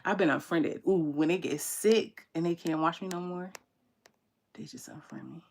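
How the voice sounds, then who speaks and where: A woman's voice: on the low side, normal speed, slight background noise. A young woman, hosting a casual tarot livestream and telling candid stories with slang to her viewers. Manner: candid, animated storytelling with slang and laughter. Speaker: tarot reader and channel host.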